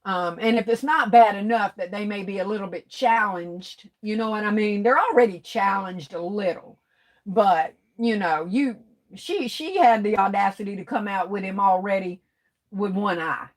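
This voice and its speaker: A woman's voice: medium pitch, moderate pace. Playful woman chatting. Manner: teasing, playful, laughs often, folksy slang. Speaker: craft livestream host. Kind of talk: casual livestream chat reading comments.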